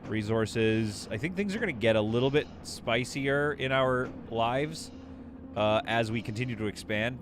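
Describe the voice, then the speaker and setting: A man with a fairly low voice streams a game live, joking and rambling as he thinks aloud while building. It's casual gameplay commentary, and background noise can be heard.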